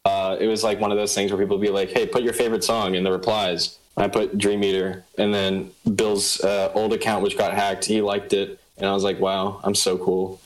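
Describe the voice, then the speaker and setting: A man's voice: fairly low pitch, level tone, a little fast, few pauses, low-quality recording. A man chatting casually on a podcast, joking with his friends. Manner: joking, laughing often.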